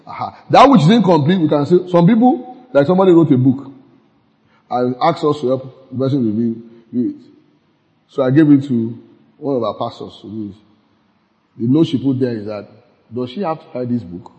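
Pastor preaching in an echoing hall. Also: male voice, medium pitch, animated, fairly quick, warm tone. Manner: laughs often, asks the audience if they follow. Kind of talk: conversational sermon. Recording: muffled sound with long hall reverb.

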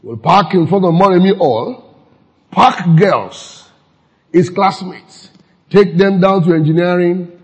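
An older Nigerian pastor preaches slowly and deliberately, leaning hard on key phrases and repeating them for weight. His voice sits a little high for a man. It rings out in a church hall with a long, trailing reverb. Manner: emphatic, repeats key phrases, laughs at his own jokes. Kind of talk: sermon.

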